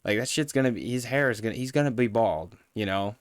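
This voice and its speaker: A man's voice: medium pitch, animated, fast talker, clear, resonant tone, dry recording. A man streaming live, ranting in a profane, heated, rambling way while reviewing a show.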